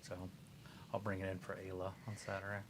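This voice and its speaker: A man's voice: deep voice, completely flat delivery, brisk, a little hiss or hum. A laid-back man co-hosting a livestream, chiming in with short remarks from away from the microphone. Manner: laid-back, short interjections from across the room. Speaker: co-host. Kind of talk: casual chat on a livestream. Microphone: off-mic, away from the host's microphone.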